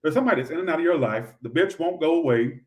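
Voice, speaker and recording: A tarot reader on a livestream talks straight to his viewers in a sassy, profane, rambling way. His voice is a little high, expressive, and very fast.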